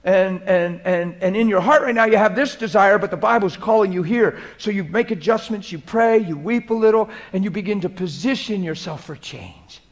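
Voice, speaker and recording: A man preaching a sermon, swinging between loud urgent exhortation and hushed, intimate modeled prayer. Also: high voice, normal speed, few pauses.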